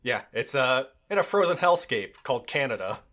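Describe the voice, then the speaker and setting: A man co-hosting a casual gaming podcast, measured and deadpan as he explains things. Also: mid-range voice. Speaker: podcast co-host.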